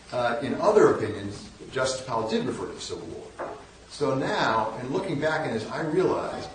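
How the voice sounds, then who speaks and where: A man's voice: medium pitch, a little hiss or hum. A man in his sixties telling wry, self-deprecating anecdotes as a guest lecturer, with frequent restarts. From northern United States. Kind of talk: storytelling lecture. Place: large lecture hall. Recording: echoey hall, mic at a distance.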